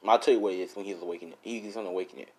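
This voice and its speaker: A man's voice: sits low, fairly even intonation, racing, a little mellow, slightly rough. A young man casually improvising a fan story, rambling, swearing and correcting himself as he goes.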